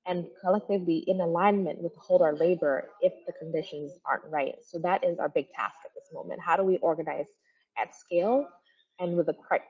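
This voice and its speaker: A woman's voice: lowish voice, slightly rough, narrow, tinny audio. A woman organizer giving an earnest symposium talk over a video call, often rephrasing herself. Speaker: community organizer. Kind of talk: symposium presentation. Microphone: video call mic.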